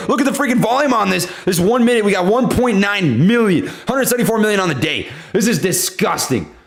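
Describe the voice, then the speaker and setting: A young man hosting a live stock trading stream, giving excited market commentary and repeating himself as prices move. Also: high-pitched, quick pace, few pauses, reverberant. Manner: hyped, shouts and laughs at price moves, repeats phrases. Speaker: stock trading livestream host. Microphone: desk studio mic.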